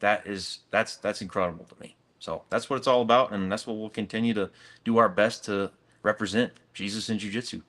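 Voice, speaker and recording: A man's voice: lowish voice, fairly even intonation, fairly quick, a bit bright. A middle-aged man, a gym owner, telling a story earnestly in a casual interview, saying "dude" and "man".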